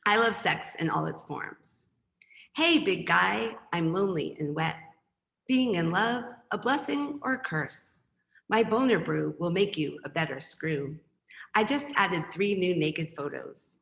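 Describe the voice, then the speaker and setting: A woman's voice: on the low side, animated, measured pace, creaky, fairly bright tone, reverberant. A woman poet reading her poems, with chatty, rambling asides between them. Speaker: poet and professor. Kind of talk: poetry reading with casual asides.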